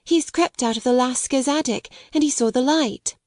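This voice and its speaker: A woman doing a high, bright-voiced young girl in a storybook, earnest and courteous, tender and eager, lifting her voice well above the narrator's, recorded dry and close with no room sound. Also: normal speed, no echo, lightly acted. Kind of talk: audiobook character reading.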